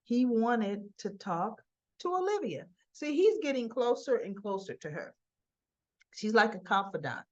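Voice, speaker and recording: A woman casually recapping a soap opera episode for her channel, chatty and animated as she relays the characters' lines with fillers and asides. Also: on the high side, unhurried, highs cut off.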